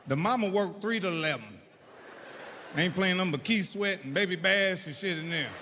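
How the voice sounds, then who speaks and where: A man from Indiana doing stand-up, telling stories in a profane, animated way with shouted punchlines. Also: high voice, moderate pace. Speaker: stand-up comedian. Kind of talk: stand-up storytelling. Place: comedy stage. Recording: live venue reverb, faint noise.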